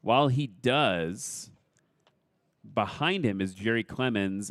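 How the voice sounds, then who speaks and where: A man's voice: fairly low pitch, slow pace, fairly bright tone, dry recording. Chatty man in his forties commentating. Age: 40s. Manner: enthusiastic, chatty. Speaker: air show commentator. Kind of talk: live play-by-play commentary.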